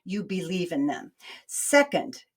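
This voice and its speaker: A middle-aged woman with a fairly low voice, talking straight to parents as an advice host. She is earnest and steady, slows down on the points that matter, and lifts her voice when she acts out what a parent might say. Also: breathy edge. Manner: acts out parent dialogue in a brighter voice. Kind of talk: advice monologue.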